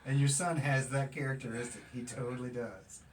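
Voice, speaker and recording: A man's voice: mid-range voice, fairly even intonation, a little fast. A man who works as a tattoo artist, chatting easygoingly on a podcast. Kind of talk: casual chat. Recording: distant mic with faint noise.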